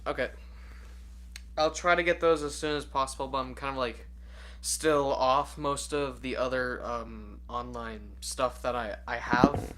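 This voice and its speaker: Young male streamer, bright forward tone, loose rambling chat with lots of ums. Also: mid-range voice, a little hiss or hum. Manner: rambling, filler-heavy, self-mocking. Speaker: livestream host. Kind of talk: casual livestream chat.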